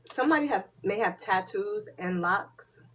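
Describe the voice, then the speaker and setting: A woman's voice: mid-range voice, lively intonation, normal speed, a little hiss or hum. A woman hosting a casual live spiritual reading, chatty and loose, laughing and swearing freely, and often slipping into muttered asides to her viewers.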